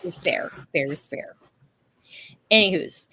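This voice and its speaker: Animated woman telling a story. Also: on the low side, slow, a little hiss or hum. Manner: animated storytelling, acts out quotes, swears freely. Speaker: podcast co-host. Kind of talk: casual chat.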